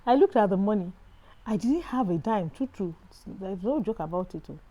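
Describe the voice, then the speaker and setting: A middle-aged woman with a Nigerian accent, sharing a personal Christian testimony in an earnest storytelling way with animated exclamations. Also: mid-range voice, moderate pace, poor audio.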